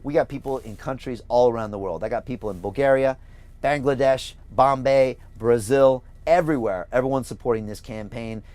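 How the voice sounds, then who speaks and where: A man's voice: mid-range voice, a little mellow. A middle-aged man with an American accent speaks in a mid-range voice, reading viewer comments aloud in a livestream. He pushes his points with emphatic, repetitive, rallying energy, like a campaigner urging people to vote. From California, USA. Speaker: host and mayoral candidate.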